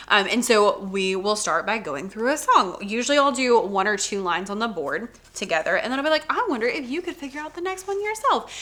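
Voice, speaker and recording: A chatty woman explains how she teaches music. Her voice is bright, and her pitch leaps around a lot as she acts out her students in a sing-song way. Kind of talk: casual teaching vlog.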